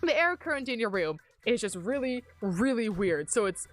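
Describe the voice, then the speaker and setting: A young woman chats loosely during a gaming livestream, wandering from thought to thought and poking fun at herself. Her voice sits slightly high as she talks into a desk mic in her bedroom. Faint music plays in the background. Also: very animated, moderate pace. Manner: rambling, self-deprecating, chatty. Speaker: streamer. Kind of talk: casual gaming livestream chat. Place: upstairs bedroom at home. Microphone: desk mic on a mic arm.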